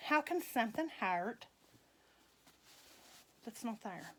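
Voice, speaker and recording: This is a middle-aged woman, talking casually to her viewers. Her voice sits a little high. She speaks slowly and loosely, rambling on and laughing often. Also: lively intonation, a bit bright. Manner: slow, chatty, folksy, laughs often. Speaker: vlogger dressing reborn dolls.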